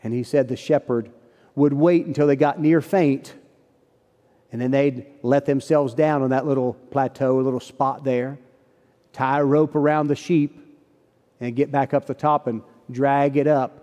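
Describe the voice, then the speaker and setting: Folksy pastor preaching in echoey hall. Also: male voice, mid-range voice, fairly even intonation, a little slow, mellow. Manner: earnest storytelling, folksy phrasing. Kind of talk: sermon. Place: church sanctuary. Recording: long church hall reverb.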